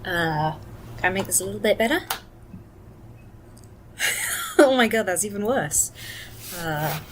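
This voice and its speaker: A tired woman vlogging casually from a hotel room into a laptop webcam, rambling and soft-spoken, sometimes drifting into whispers. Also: expressive, measured pace. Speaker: vlogger and actor. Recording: noisy low-quality webcam audio.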